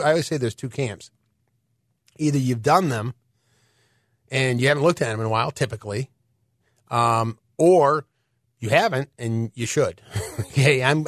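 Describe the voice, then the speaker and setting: A male financial radio host at a middling pitch talks casually about money. He drifts into tangents, restarts his sentences and leans on fillers. The recording is dry and close, with no room sound. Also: dry recording. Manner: rambling, many fillers and tangents.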